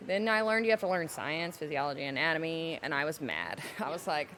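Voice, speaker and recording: A young adult woman, a podcast guest telling her personal story candidly and emotionally, slowing down to hold back tears. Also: low voice, animated, fairly bright tone. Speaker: podcast guest, salon owner.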